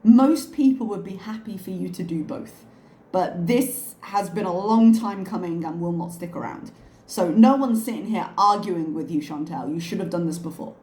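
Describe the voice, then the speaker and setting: A woman's voice: lowish voice, normal speed, darkish tone. A woman hosting a reaction channel, giving sarcastic and disbelieving commentary on a video. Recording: roomy echo.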